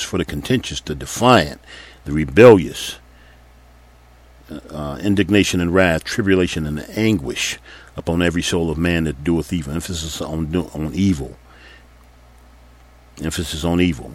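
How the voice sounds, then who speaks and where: A man with an extremely deep, low voice teaches from the Bible in sermon style. He reads scripture passages aloud, then comments earnestly, repeating key points for emphasis. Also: slightly rough.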